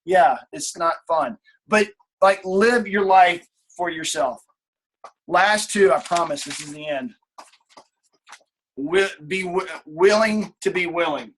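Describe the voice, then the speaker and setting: A team leader in his late thirties talks slowly on a motivational coaching call, blunt and easygoing, swearing freely and driving his points home through repetition. His voice is high-pitched and a bit bright, with slight background noise.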